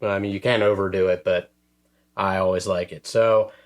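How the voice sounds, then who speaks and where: A man casually explaining how he arranges a track on a music sampler, relaxed and full of fillers like "um" and "uh". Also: deep voice, moderate pace. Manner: relaxed, filler-heavy, self-deprecating. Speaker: music producer demonstrating a track. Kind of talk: casual tutorial talk.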